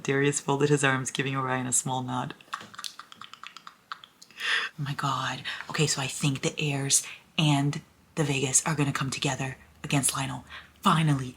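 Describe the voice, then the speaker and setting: Gushing young woman with a gravelly voice. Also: very deep voice, normal speed, slight background noise. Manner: gushing, excitable, swears freely. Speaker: book vlogger. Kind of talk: casual reading vlog.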